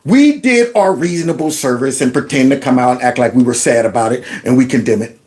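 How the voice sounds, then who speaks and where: A man hosting reaction commentary, talking in an indignant, animated way and often stumbling over repeated words. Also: mid-range voice, brisk. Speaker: commentary host.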